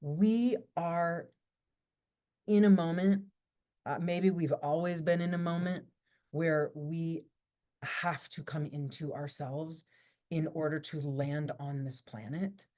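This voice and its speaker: Woman, teacher, low pitch, warm mellow tone, unhurried, rhythmic list-like phrasing. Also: steady tone. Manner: slow, measured, incantatory phrasing in lists. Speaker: workshop teacher. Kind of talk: reflective spoken talk.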